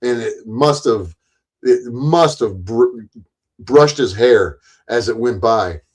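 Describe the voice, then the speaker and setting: A man casually telling a long story in a rambling, profane way, often jumping louder and higher when he acts out quoted lines. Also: expressive, slow pace, husky.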